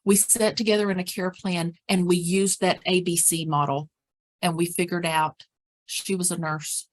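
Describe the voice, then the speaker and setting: A woman leads a caregiver training session in a slightly low voice. She talks plainly and practically, and she leans on repeated words to drive her points home. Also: level tone, moderate pace. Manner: acts out example phrases and whispers. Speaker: dementia care educator. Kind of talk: training presentation.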